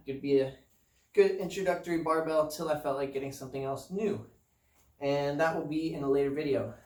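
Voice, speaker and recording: A relaxed man with a drawl, his voice sitting a little high, chats in a meandering, self-mocking way. The sound is roomy and echoing. He is heard from a distance, as if the mic sits across his apartment gym. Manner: laid-back, meandering, self-deprecating. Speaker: fitness vlogger. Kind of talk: casual rambling chat.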